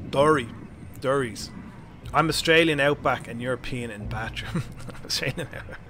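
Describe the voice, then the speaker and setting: A man's voice: medium pitch, normal speed, bright, forceful tone. An Irish man streaming a strategy game at home, chatting casually with viewers, laughing often and thinking aloud. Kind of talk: casual live-stream chat. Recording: noisy background.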